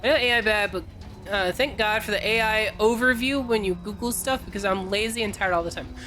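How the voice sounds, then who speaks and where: A woman's voice: medium pitch, brisk, bright, forceful tone, faint music behind. A woman from California streaming a game, chatting casually and teasing her chat in a playful way.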